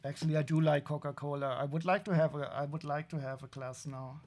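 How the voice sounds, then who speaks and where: A man's voice: a little high, fairly even intonation, brisk, a little mellow. A man with a German accent chatting casually on a live stream while unboxing toys, wry and rambling with frequent restarts.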